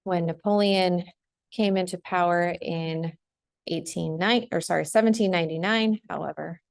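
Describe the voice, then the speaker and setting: Chatty woman teacher with a gravelly low voice. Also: steady tone, moderate pace. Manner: chatty, full of ums and "right?". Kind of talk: casual screen-share lesson.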